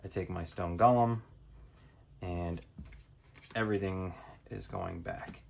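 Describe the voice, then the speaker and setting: Male board game presenter, low voice, relaxed think-aloud playthrough delivery. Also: slow, vocal fry, background noise. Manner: thinking aloud, counting cards out loud. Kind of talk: casual tabletop playthrough tutorial.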